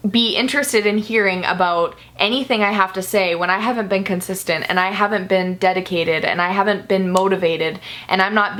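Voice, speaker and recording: A woman's voice: medium pitch, fairly bright tone. A young woman talking to camera in a candid personal vlog, earnest and confessional, near tears at times. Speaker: vlogger.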